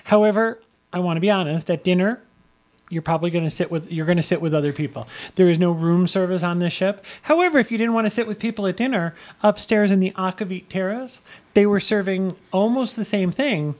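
A man's voice: high voice, fairly quick, a little mellow. Chatty male travel podcast guest. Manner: chatty storyteller, teasing. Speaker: podcast panelist. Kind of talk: casual panel chat.

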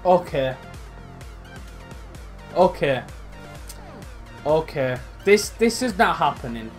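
A young man commentating his own football video game, swearing, swinging between loud outbursts and low muttering. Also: lively intonation, slow, pauses often, soft background music. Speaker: gaming YouTuber. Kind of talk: live gameplay commentary.

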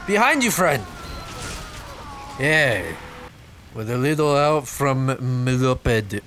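A man giving jokey, playful let's-play commentary over his own gameplay, breaking into excited yelps. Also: a little high, measured pace, slight background noise.

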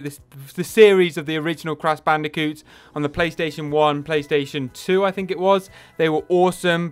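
Chatty young British gaming YouTuber. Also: male voice, a little high, fairly bright tone, clear, resonant tone. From United Kingdom. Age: 20s. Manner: chatty, self-deprecating, rambling. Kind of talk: casual Q&A monologue.

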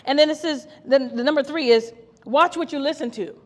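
A woman's voice: high voice, brisk, slight background noise. A woman co-pastor from Ohio preaching a fervent podcast sermon, repeating her phrases and laughing now and then. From Ohio, USA. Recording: long hall reverb.

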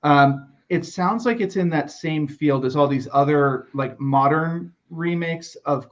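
An American man co-hosting a podcast, talking in a measured, wry way and steering the chat. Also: fairly high pitch. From United States. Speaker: podcast co-host. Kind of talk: casual chat. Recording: slightly dull lo-fi sound.

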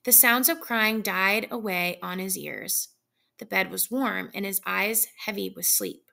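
Woman reading a story aloud, measured pace, bright tone, vocal fry. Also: medium pitch. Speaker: reader.

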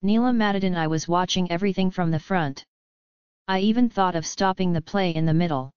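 A woman's voice: fairly low pitch, fairly quick, clean tone, no echo, close to an everyday voice. A woman voicing an ailing old emperor and worried father in an audiobook, speaking in a grave, solemn way. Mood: weary. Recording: slightly dull lo-fi audio.

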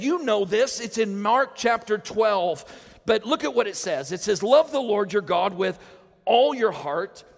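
Male pastor, gravelly voice, sermon with call-and-response, long church reverb. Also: sits high. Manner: calls the congregation to repeat lines.

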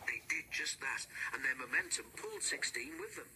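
A man narrating a storybook with lively, expressive reading. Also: on the high side, normal speed, creaky, noisy background.

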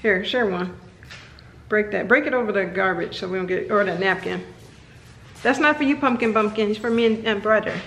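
A woman's voice: medium pitch, brisk, long pauses, fairly bright tone. A woman filming a casual home vlog, chatting playfully with her kids and dog. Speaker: vlogger. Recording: echoey room with faint noise.

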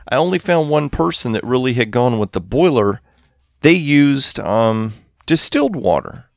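A slightly high male voice with vocal fry comes through at studio quality, free of room sound. Hosting a modded game video from a home room shared with his cat, he gives casual commentary, thinks out loud, and quietly counts items.

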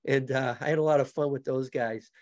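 A man's voice: medium pitch, fairly even intonation, brisk, a little mellow. A man who is a martial arts instructor and guest on a podcast, telling joking stories in casual chat and struggling to pronounce his R sounds. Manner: joking, anecdotal.

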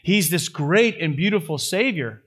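A male pastor preaching a sermon with folksy asides, building to loud, high-pitched swells at the climaxes. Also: lively intonation, measured pace, husky.

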